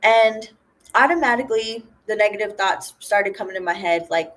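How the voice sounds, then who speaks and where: A woman's voice: medium pitch, normal speed, a bit bright. A young woman chatting casually on camera, retelling a personal story with lots of quoted dialogue. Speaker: lash artist vlogger.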